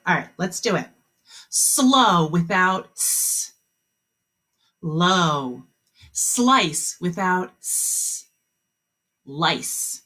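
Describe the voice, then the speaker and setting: This kindergarten teacher runs a phonics lesson by video call, patient and slow, drawing out each word's sounds to encourage the children. Her fairly low voice is bright yet husky and swoops lively up and down.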